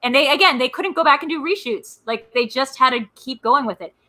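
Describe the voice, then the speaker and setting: A woman's voice: high voice, a little fast, pushed and bright, low-quality recording. A woman co-hosting a casual movie podcast, rambling through film trivia with many fillers and restarts. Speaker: podcast co-host.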